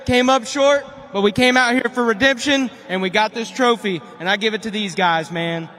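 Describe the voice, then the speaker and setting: A man, a monster truck driver, giving an excited speech to the stadium crowd. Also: high-pitched, normal speed. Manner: excited, shouting thanks. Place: big indoor stadium. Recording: arena reverb.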